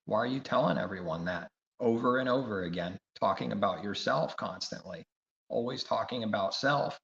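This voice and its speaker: A man's voice: on the low side, normal speed, vocal fry, fairly bright tone. A man preaching a sermon, emphatic and repetitive, firing rhetorical questions. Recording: echoey room, dull lo-fi sound.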